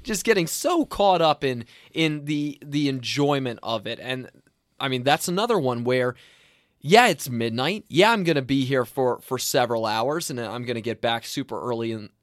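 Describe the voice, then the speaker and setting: A man's voice: mid-range voice, animated, normal speed, no echo. Enthusiastic young man hosting, dry sound. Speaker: host. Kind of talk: casual chat.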